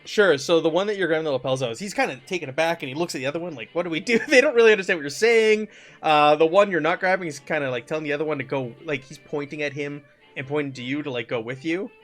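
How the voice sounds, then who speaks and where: A man running a tabletop game as game master, describing scenes in a relaxed way and laughing often. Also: fairly high pitch, quick pace, faint music behind.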